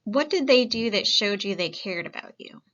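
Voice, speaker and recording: A woman giving a calm, coaxing life skills lesson. She asks the listener many reflective questions and often says "um". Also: medium pitch, moderate pace, dull audio. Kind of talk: gentle reflective lesson talk.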